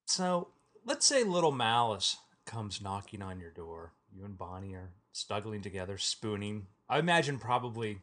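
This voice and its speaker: A man's voice: fairly low pitch, big pitch swings, normal speed, few pauses, fairly bright tone. A man hosting a comedy podcast, telling absurd made-up stories with lots of laughing. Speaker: podcast host. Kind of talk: joking improvised banter.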